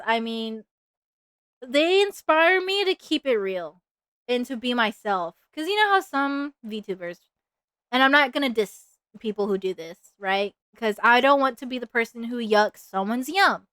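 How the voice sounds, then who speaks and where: A woman's voice: a little high, lively intonation, measured pace, a bit bright, clean tone, no room sound. A woman streamer chatting casually while drawing, rambling and playful, with lots of fillers and the odd sing-song bit. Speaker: VTuber streamer.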